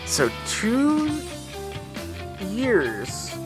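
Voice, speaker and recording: A woman's voice: fairly high pitch, huge pitch swings, extremely slow, music in the background. A woman co-hosting a podcast, chatting casually, rambling and correcting herself as she talks things through, and sometimes reading aloud. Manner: rambling, self-correcting, laughing. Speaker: podcast co-host.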